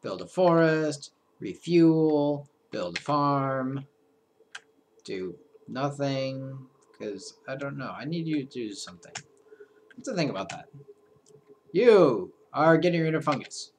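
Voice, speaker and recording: A man's voice: medium pitch, animated, slow, a little hiss or hum. A young man hosting a let's play, giving casual, playful commentary that trails off into mumbled asides.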